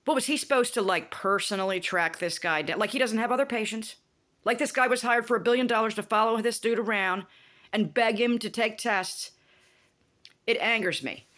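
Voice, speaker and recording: A woman's voice: a little high, moderate pace. Woman ranting animatedly, swearing freely. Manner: animated, profane, indignant. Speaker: vlogger. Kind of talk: casual rant about a TV show.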